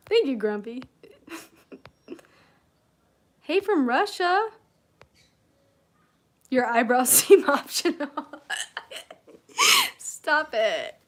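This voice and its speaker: A self-help mentor from Michigan, USA, livestreams from home in a room with candles and incense, offering advice and reading comments. Her fairly high voice is expressive and extremely slow, with long pauses, frequent laughter and plenty of "you know."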